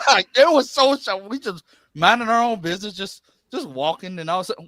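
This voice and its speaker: An excited man tells an anecdote on a live stream with a lively, bouncing pitch that rides a little high. He stumbles and restarts as he rushes ahead. The sound is dry and close. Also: no echo. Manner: excited, animated anecdote telling with stammered restarts. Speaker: streamer panel guest. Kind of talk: casual chat, storytelling.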